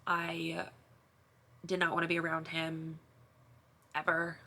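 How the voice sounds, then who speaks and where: Bright-voiced young woman confessing to camera. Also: sits low, completely flat delivery, slow, vocal fry. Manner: emotional, rambling with many restarts and fillers. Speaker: vlogger.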